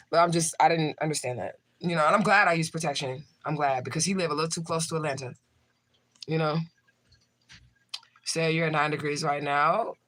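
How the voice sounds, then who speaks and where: Bright-voiced man telling a profane story. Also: on the high side. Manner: profane, chatty, talks straight to viewers. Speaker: tarot reader. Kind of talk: casual livestream storytelling.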